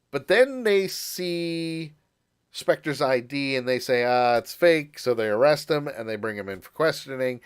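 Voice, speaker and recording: A man co-hosting a casual podcast, recapping an episode in an animated way, laughing and slipping into voices for quotes. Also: mid-range voice, smooth. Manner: animated, laughing, puts on voices when quoting. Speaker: podcast co-host.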